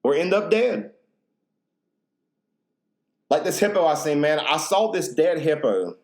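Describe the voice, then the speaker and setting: A man's voice: fairly high pitch, sing-song, unhurried. A young adult man hosting a solo podcast, telling stories in a rambling, profane way with laughs. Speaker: podcast host. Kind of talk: casual solo podcast chat.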